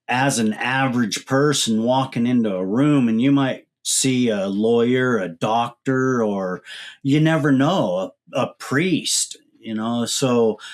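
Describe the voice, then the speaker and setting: A man hosting a podcast interview, asking questions in a measured, reflective way. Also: medium pitch. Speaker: podcast host. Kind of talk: conversational interview.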